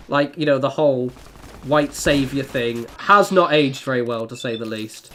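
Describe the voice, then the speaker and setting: A man's voice: medium pitch, moderate pace, pushed and bright, slight background noise. A young man chatting casually while playing a game on stream, rambling with lots of fillers and self-deprecating asides. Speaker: gaming streamer.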